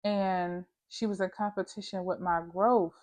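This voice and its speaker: A woman's voice: medium pitch, steady tone, unhurried, darkish tone. A woman vlogger telling a personal story in a candid, slangy, emphatic way, talking straight to the viewer. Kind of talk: casual storytime monologue.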